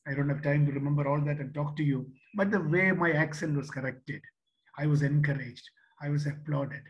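An older man from Kerala speaks in Indian English, recalling his school days in a reflective, storytelling way. His voice sits a little higher than most men's, and he often pauses and restarts his sentences as he tells stories to young listeners. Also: dull audio. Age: 60s. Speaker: seminar speaker. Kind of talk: motivational talk to youth.

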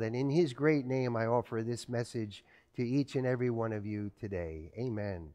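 In a reverberant church hall, a middle-aged pastor preaches a sermon filled with stories from his childhood, acting out family dialogue. His voice is fairly high and a little mellow.

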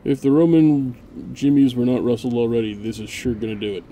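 A man's voice: medium pitch, fairly quick, dark tone, a little hiss or hum. A man hosting a gameplay video, chatting casually and barking mock-grand orders at his units with a sarcastic edge.

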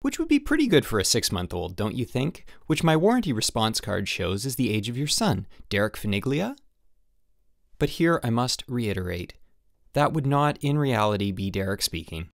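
Animated male audiobook narrator. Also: medium pitch, moderate pace, vocal fry, dry recording, clean studio sound. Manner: animated, emphatic on the product name. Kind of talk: first-person audiobook narration of a letter. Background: faint background music.

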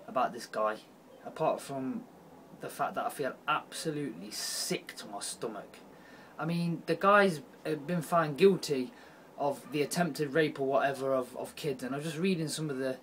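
A man's voice: animated, a little fast, slightly rough. Heated man ranting, profane. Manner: blunt and profane, swinging between low muttering and loud outbursts. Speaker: vlogger. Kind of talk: heated video rant.

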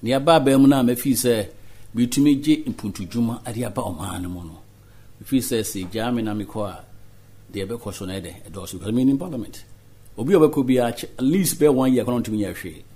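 A Ghanaian politician giving earnest interview answers, mixing Twi and English. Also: male voice, medium pitch, brisk, warm tone, husky.

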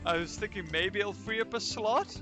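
A man with a high-pitched voice streams himself playing a zoo-building game at a moderate pace, with music playing behind him. He's recovering from an illness and chats casually as a let's play streamer, replying to his viewers' messages while he plays.

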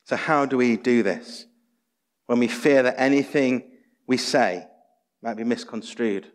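A man's voice: mid-range voice, unhurried. A man preaching a sermon as pastor, earnest and exhorting, full of rhetorical questions. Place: church sanctuary. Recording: long church hall reverb.

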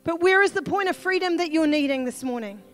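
A woman with a New Zealand accent preaches in a very high voice, earnest and pleading, her delivery rising at times into shouts. Soft music plays faintly beneath her sermon. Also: expressive, brisk. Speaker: pastor.

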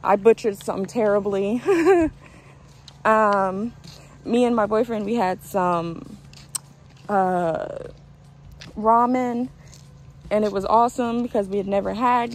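A woman of twenty-one telling a story in a casual, animated way in a vlog. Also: mid-range voice, a little hiss or hum, rough recording. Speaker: vlogger.

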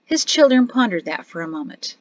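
A woman reading an audiobook aloud in an even, measured storytelling manner. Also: fairly high pitch, no room sound. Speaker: audiobook narrator. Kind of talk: scripted narration. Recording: dry, slightly dull studio audio.

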